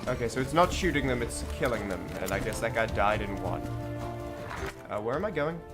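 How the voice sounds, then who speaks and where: A man's voice: mid-range voice, expressive, fairly quick. Sleepy-voiced guy rambling through a game stream, jokes, music going. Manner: rambling, joking asides. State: groggy morning voice. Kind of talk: casual gameplay commentary.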